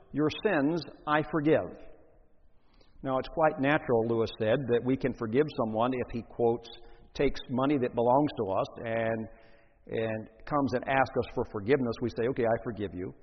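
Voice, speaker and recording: A man with a slightly husky voice preaches a sermon, reading scripture aloud before expounding on it with deliberate emphasis. The recording is dull and lo-fi, with long reverb from a large hall. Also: mid-range voice.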